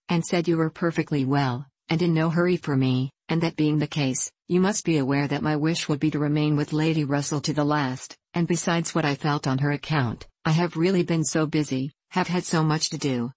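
A gentle, sensible young woman, as a woman reader puts her on speaks calmly and reasonably in a storybook reading. The voice is low and recorded dry and close. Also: brisk, hardly any pauses, no room sound. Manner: calm, reasonable.

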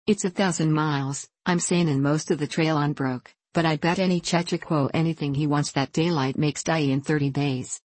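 A woman voicing a drunken, boisterous old male miner who scoffs in a rough backwoods dialect. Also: sits low, steady tone, moderate pace, few pauses, a little mellow, dry recording. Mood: rowdy.

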